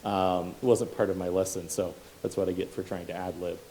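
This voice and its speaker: A man's voice: deep voice, flat delivery, a little fast, dark tone, slight background noise, poor audio. A man preaching a sermon, reading scripture and explaining it with casual asides and self-corrections.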